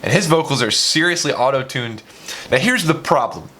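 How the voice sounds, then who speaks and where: A man's voice: medium pitch, animated, normal speed, bright, forceful tone, slight background noise. A young man, a music producer, talking casually through his studio session, chatty and self-mocking, with plenty of fillers.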